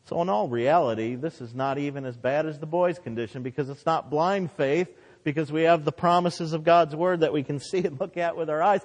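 Male preacher, sermon, fairly high voice, dynamic rises and drops, hall reverb. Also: brisk, hardly any pauses. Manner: impassioned, voice rising and dropping for emphasis.

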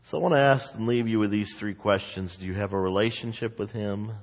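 A male pastor with a fairly low voice preaches a sermon expressively, building to loud emphasis and then dropping into slow, quiet asides. The audio is dull, with long hall reverb.

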